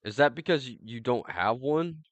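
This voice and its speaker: Crude, swearing podcast host. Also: male voice, mid-range voice, animated, normal speed, no echo. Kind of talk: casual chat.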